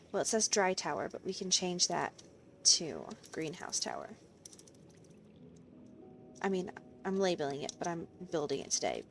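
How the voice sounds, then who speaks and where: Exasperated woman narrating her gameplay. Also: medium pitch. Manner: exasperated, sarcastic outbursts. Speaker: game video creator. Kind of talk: casual gameplay commentary.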